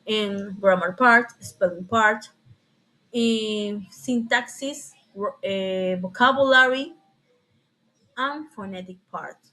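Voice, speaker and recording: A young woman student giving a class presentation, reading her points haltingly and correcting herself now and then. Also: mid-range voice, bright, forceful tone, rough recording. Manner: halting, careful, with frequent self-corrections.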